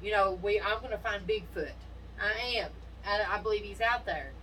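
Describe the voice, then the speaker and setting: A woman with a bright, forceful voice trades blunt, profane stories in a casual chat, telling them with plenty of animation. She sits some way off the mic, and a faint hiss runs under her voice. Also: medium pitch, moderate pace. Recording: distant mic with faint noise.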